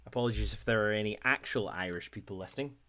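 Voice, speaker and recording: A man's voice: on the low side, fast talker, sharp tone. Jokey Scottish man streaming. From Scotland. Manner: rambling and jokey, laughs often. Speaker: hobby painting streamer. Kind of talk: casual livestream chat while painting.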